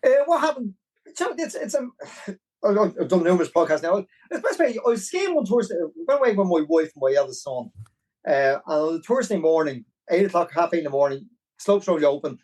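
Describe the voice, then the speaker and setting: A man with a Dublin Irish accent, a podcast guest telling a long story in a rambling, animated way. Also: high voice, fairly quick, poor audio. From Ireland. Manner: animated, rambling, with many restarts. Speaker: podcast guest, marathon runner. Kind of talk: casual storytelling.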